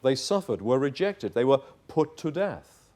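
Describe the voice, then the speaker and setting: A man's voice: medium pitch, sing-song, measured pace, a little mellow. A male pastor preaching a sermon in church, emphatic and acting out little dialogues.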